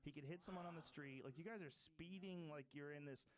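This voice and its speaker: A man in his forties in casual podcast chat, swearing freely and acting out shouted quotes. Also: a little high, fairly quick. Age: 40s. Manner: profane, animated, acts out shouted quotes.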